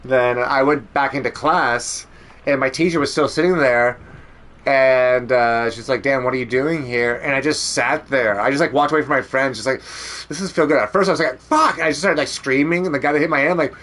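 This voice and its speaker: A man from Canada, a streamer chatting casually while he plays, telling a story with lots of swearing and mimicked yelling. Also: medium pitch, fairly quick. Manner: animated storyteller, swears freely, mimics shouting. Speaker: streamer playing a video game. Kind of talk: casual gameplay chat and storytelling.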